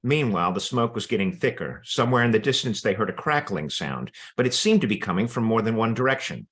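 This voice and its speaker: A man reads a children's story aloud in an expressive, animated way, his fairly low voice rising and falling a great deal. The reading is delivered to an online group. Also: quick pace.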